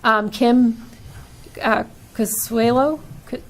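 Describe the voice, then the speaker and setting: A woman's voice: fairly high pitch, takes it slowly. A woman with a Boston-area accent chairs a school committee meeting, reading a long list of names and topics and stumbling now and then. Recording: light background noise.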